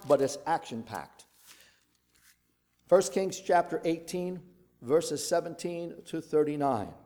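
Male preacher, sermon, dramatic scripture reading, voices the quoted speakers, adds asides, slightly high voice. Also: mellow.

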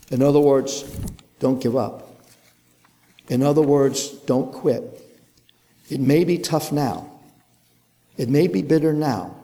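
A man preaching an earnest sermon in a church, with rhythmic phrasing and dramatic pauses. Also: medium pitch, warm tone. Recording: long hall reverb.

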